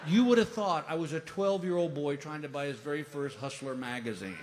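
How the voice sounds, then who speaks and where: A man in his fifties doing stand-up storytelling, animated and exasperated as he acts out the people in his story. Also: fairly high pitch, brisk. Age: 50s. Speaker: stand-up comedian. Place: large comedy venue stage. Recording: live hall reverb with noise.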